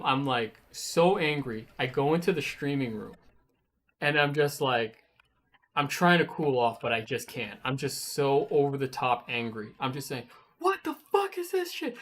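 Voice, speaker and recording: A man telling a story in a casual studio chat, animated, with bursts of swearing as he acts out his own anger. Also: mid-range voice. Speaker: guest, web designer.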